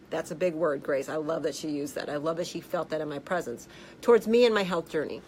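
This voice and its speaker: A woman health practitioner telling a story in a casual vlog, blunt and animated, swearing freely. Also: deep voice, fairly quick, breathy edge, rough recording. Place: office.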